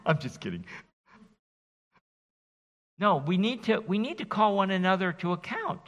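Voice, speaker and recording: A middle-aged pastor giving an expository sermon in a church, animated and folksy, joking with his congregation. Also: high-pitched, unhurried, lo-fi sound. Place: church sanctuary. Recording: reverberant church hall.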